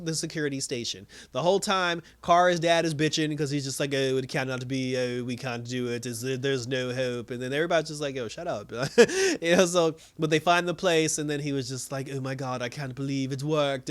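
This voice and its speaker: A man hosting a show, giving a casual, animated recap of a TV episode in slangy talk and breaking into characters' lines. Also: a little high. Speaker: show host reviewing a TV episode.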